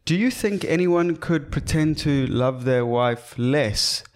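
A man's voice: a little high, expressive, slow pace. A young man co-hosting a podcast in casual chat, joking and swearing freely. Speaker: podcast co-host.

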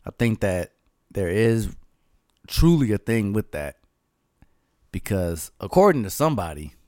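A man's voice: on the low side, very animated, unhurried, warm tone, no echo, studio quality. A man co-hosting a casual podcast chat, laughing often and telling stories with animation. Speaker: podcast co-host.

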